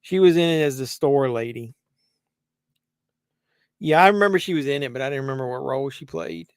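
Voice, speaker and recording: A man's voice: mid-range voice, animated, brisk, clean tone, no room sound, clean studio sound. A man hosting a live movie watch-along, rambling conversationally with many fillers and restarts. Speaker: host.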